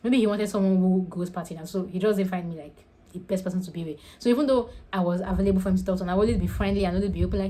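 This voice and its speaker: Fast-talking Nigerian woman giving earnest advice. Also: medium pitch, mellow, rough recording. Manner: earnest, repeats her points for emphasis. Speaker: faith and lifestyle vlogger. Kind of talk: casual advice talk.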